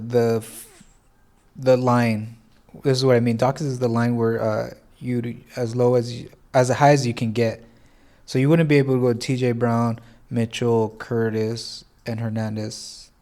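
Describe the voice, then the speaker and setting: A man's voice: mid-range voice, a little mellow. A man hosting a casual tutorial, thinking aloud as he works, hesitant and correcting himself, with a congested voice. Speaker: fantasy sports tutorial host. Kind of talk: casual screen-share tutorial.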